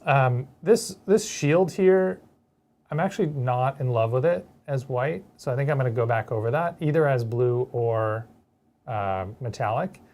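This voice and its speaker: A man co-hosting a hobby show, talking casually and haltingly about his painting progress. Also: medium pitch, a little mellow. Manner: hesitant, lots of ums while describing work. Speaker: co-host painting miniatures.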